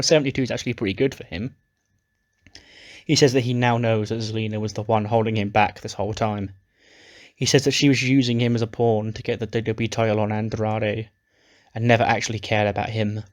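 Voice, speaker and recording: Guy casually recapping his wrestling sim run, lowish voice. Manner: recaps storylines casually with swearing. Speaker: game player narrating. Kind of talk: narrating a wrestling sim playthrough.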